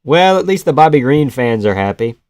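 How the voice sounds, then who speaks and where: A man's voice: medium pitch, very animated, brisk, darkish tone, no room sound, clean studio sound. A man hosting a casual live stream about a fight night, reading chat aloud, joking and laughing often.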